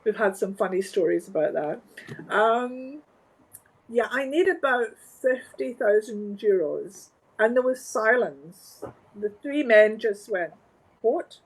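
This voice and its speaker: A Scottish woman, a guest from the flower trade, telling stories in an animated, wry and emphatic way. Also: a little high, takes it slowly, breathy edge, rough recording. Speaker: interview guest, floral industry organizer. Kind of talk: conversational storytelling.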